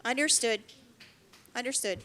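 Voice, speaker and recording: A woman's voice: fairly high pitch, measured pace, pushed and bright, a little hiss or hum. A woman chairing a city commission meeting, answering firmly and briefly. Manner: firm, brief replies.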